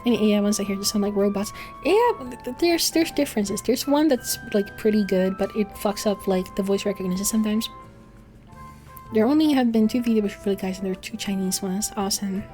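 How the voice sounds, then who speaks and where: Faint music sits behind a woman VTuber with a mellow, medium-pitched voice who talks a little fast. She chats casually on her livestream, rambling, swearing often, and laughing between thoughts.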